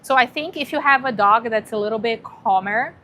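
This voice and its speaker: A woman hosting a casual livestream who talks warmly to her viewers and gets teary, cooing now and then to a dog beside her. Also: a little high, a little fast, slight background noise. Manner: chatty and emotional, thanking viewers, cooing to a dog. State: teary, crying. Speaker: livestream host promoting dog rescue.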